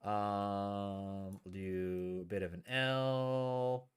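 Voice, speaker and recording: A young man streaming a game live, chatting casually and thinking aloud, often trailing off quietly. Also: fairly low pitch, fairly even intonation, extremely slow, clear, resonant tone.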